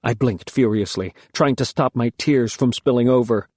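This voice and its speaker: A man narrating a first-person audiobook in a measured, expressive storytelling manner. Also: medium pitch, breathy edge, no echo.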